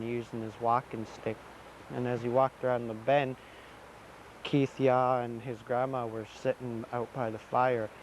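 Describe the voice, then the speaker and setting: A man's voice: medium pitch, slight background noise, poor audio. A man from Alaska telling a traditional folk tale in a loose, repetitive, conversational way. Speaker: storyteller.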